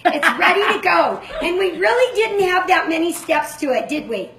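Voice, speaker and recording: Older woman, high voice, echoey room. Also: big pitch swings, a bit bright. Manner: chatty, self-described fast talker. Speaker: cooking show host. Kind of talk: live cooking demonstration.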